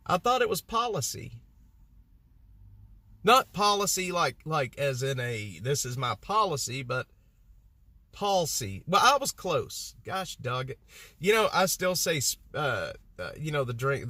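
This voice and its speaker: On the high side and sharp-toned, with no echo, a Texan man chats casually to his live-stream audience. He rambles, talks to his chat, and pokes fun at himself.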